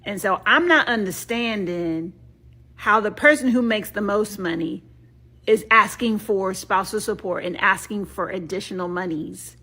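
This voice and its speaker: A middle-aged woman with a bright, tense voice. She talks casually, working through her doubts out loud. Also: mid-range voice, a little slow. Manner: questioning, reasoning things out. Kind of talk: casual opinion talk.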